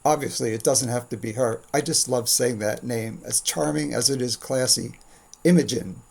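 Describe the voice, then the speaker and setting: Gravelly man giving wry commentary. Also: medium pitch, fairly even intonation, normal speed. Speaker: commentary host. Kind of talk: scripted commentary monologue.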